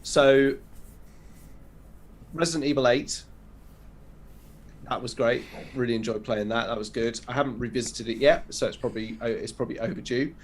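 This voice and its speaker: A man's voice: mid-range voice, normal speed, long pauses. Chatty man with faint hiss. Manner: chatty, rambling game rundown. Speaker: podcast co-host. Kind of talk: casual chat.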